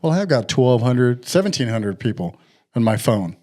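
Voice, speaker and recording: A middle-aged man telling a story in casual podcast chat, animated and acting out the people he quotes. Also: medium pitch, normal speed.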